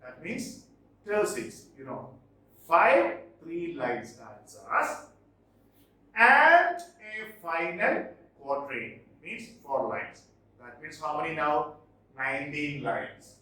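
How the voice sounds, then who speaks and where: A man teaching English literature in a recorded lecture, explaining terms slowly and repeating key points. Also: on the high side, very animated, bright, forceful tone. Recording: very echoey room, mic at a distance.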